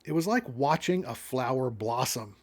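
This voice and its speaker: Man reading as a calm, remorseless woman. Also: mid-range voice, moderate pace, natural voice. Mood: detached. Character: calm, remorseless woman narrator, chillingly detached.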